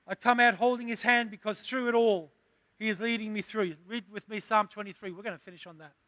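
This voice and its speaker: A man's voice: high voice, steady tone, brisk, fairly bright tone, no echo. A man preaching a sermon, asking the congregation questions and building to emphatic lines. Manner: call-and-response preaching, rising to emphatic.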